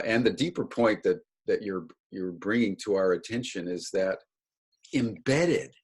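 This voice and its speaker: A man hosting a webinar, giving a measured, reflective response with frequent pauses and fillers. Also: low voice, slightly rough. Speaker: webinar host. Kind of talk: reflective commentary.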